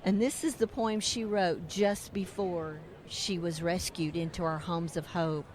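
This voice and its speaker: A woman's voice: lowish voice, steady tone, measured pace, darkish tone, a little hiss or hum. A middle-aged woman, a ministry co-founder, telling a story in an earnest, heartfelt way during an interview at a convention. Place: religious broadcasters convention.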